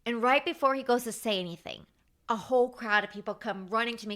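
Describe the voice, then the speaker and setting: Brief: woman in her thirties hosting her podcast, bright and forceful tone, lively anecdote telling. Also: fairly high pitch, a little fast. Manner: animated, chatty, with many fillers. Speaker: podcast host. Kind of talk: casual storytelling.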